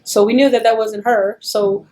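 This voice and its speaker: A middle-aged woman telling stories in an oral history interview, animated and acting out the voices she quotes. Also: fairly high pitch, normal speed, vocal fry.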